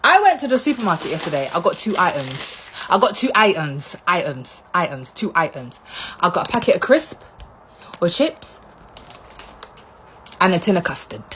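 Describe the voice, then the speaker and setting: A woman's voice: on the low side, big pitch swings, normal speed, a bit bright, slight background noise. A British woman, a vlogger on holiday, ranting to the camera in a mock-outraged, exclaiming way and repeating herself for effect. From United Kingdom. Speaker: visiting vlogger.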